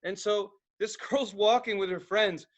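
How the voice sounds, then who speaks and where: A young man with a high, bright voice spins rowdy stories on a podcast. He swears freely, acts out sudden yells and laughs at his own tales in loose, casual chat. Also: measured pace. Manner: profane, animated storytelling with acted-out outbursts and laughter. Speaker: podcast co-host.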